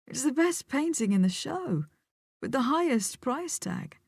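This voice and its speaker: A woman voicing a suave male gallery owner in an audiobook, speaking slowly and patiently, as if to a child. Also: high voice, sing-song, vocal fry, a little mellow, slightly rough, no room sound, clean studio sound, voice pushed up, heavily acted. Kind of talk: audiobook character voice.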